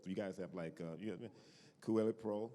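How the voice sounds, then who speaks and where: A man's voice: deep voice, steady tone, a little fast, warm tone. A man speaking as a voice-acting panelist, easygoing and laid-back, in casual convention talk. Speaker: panelist voice actor. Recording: echoey convention hall.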